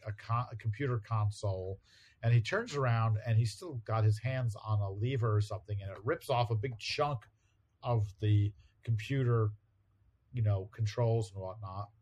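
A man's voice: mid-range voice, darkish tone. A man co-hosting a chat show, casually retelling a comic book story and briefly voicing characters in quotes. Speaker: podcast co-host.

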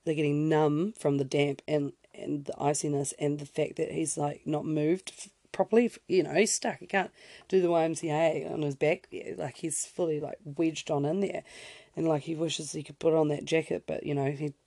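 A young woman spinning a story in a loose, chatty way, full of fillers and little asides that pull her off track. Her voice has a gravelly fry and a mellow, warm color. It is recorded close and dry, with no room around it. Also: deep voice, little pitch movement, moderate pace, dry recording. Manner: chatty, lots of fillers, self-interrupting asides. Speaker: podcast host. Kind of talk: casual storytelling.

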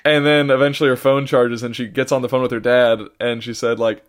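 A man's voice: mid-range voice, level tone, brisk. A man on a podcast telling a long travel story in casual chat, rambling with many fillers and restarts, sounding tired. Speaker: podcast co-host.

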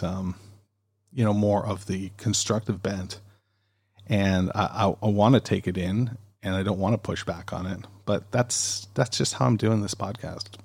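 A man's voice: on the low side, gravelly, a little mellow, slightly rough. A man hosting a podcast in a casual, rambling way, with lots of ums and self-corrections, reading listener emails into a dynamic studio mic. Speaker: podcast host. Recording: home podcast recording.

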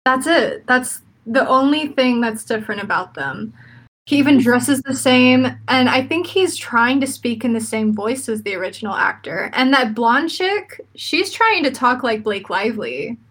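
A woman's voice: a little high, lively intonation, moderate pace, a bit bright. A young woman in casual chat, chatty and opinionated, laughing often as she talks.

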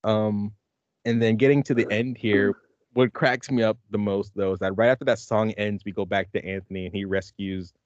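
A man hosts a podcast in casual chat, rambling, laughing often, and acting out movie lines. His voice is fairly low and steady at a moderate pace, captured in a dry, lo-fi recording.

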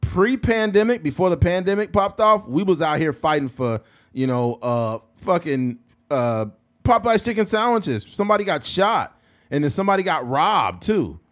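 Man, podcast host, casual profane banter, fairly high voice, animated pitch. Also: moderate pace. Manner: loose, profane, joking.

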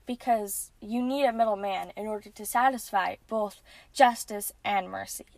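Heard with no echo, a podcast host with a mid-range voice earnestly gives a casual religious lesson, often saying um and restarting her sentences.

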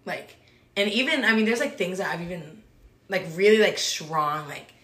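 Woman, quick chatty faith talk, lots of "like", lower-pitched, roomy echoey room. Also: animated, fairly bright tone. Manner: rambling, fills with "like", laughs often. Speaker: small group leader. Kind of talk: casual faith chat. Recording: roomy echo.

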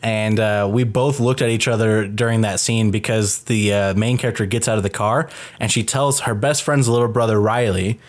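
A man's voice: on the low side, steady tone, normal speed. Sarcastic man reviewing a horror film. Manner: sarcastic, profane, joking banter. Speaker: podcast co-host. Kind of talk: casual movie review chat.

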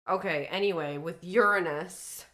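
A woman with a low voice and a bright, forceful edge, talking through a topic in loose, joking podcast chat. She swears casually and keeps things light. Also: normal speed. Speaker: podcast co-host.

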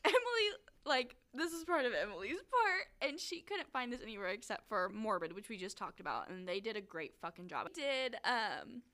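A woman with a fairly high, very lively voice chats about a true-crime case. She giggles a lot and swears casually as she jumps in. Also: normal speed, hardly any pauses. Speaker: podcast co-host.

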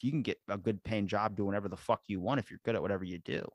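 Guy hosting a podcast, kinda low voice, dry mic, rambling and cussing a lot. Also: steady tone, very fast, no echo. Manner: profane, rambling, laughs at himself. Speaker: podcast host. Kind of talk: casual chat.

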